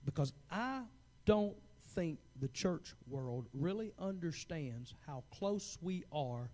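A man in his forties preaching a fervent sermon as pastor, swinging from hushed asides to loud, urgent calls. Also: a little high, expressive, slow. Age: 40s.

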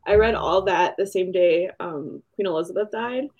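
A woman's voice: lowish voice, normal speed, darkish tone, dull audio. A woman co-hosting a book review podcast, chatting casually, laughing often and acting out quotes. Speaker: podcast co-host.

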